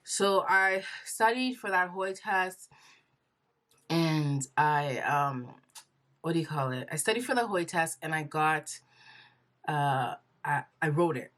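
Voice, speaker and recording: Young woman vlogger, low voice, chatty personal storytelling, acts out quoted lines. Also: takes it slowly. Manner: chatty, animated retelling with quoted inner dialogue.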